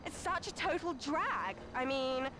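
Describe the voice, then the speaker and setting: An actress playing a spoiled, snobbish young British celebrity, with an English accent and a drawling, entitled way of talking full of fillers. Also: female voice, high voice, animated, a little slow, over music. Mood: whiny.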